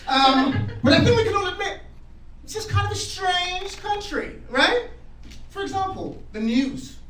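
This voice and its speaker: A man's voice: very high-pitched, a little slow. An English man doing a playful stand-up set on a club stage, slipping into impressions. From England. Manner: lively, playful, slips into impressions. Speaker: stand-up comedian. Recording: echoey room from a distance with audience noise.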